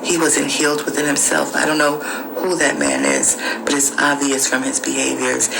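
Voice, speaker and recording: A woman's voice: extremely low pitch, flat delivery, normal speed, gravelly. A woman podcast host giving an emphatic, repetitive motivational spiritual monologue. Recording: noisy screen recording.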